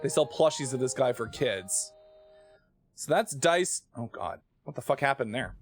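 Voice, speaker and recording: Excitable, jumpy male game streamer. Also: mid-range voice, normal speed, soft background music. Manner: excitable, jokey, easily startled. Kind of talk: live game commentary.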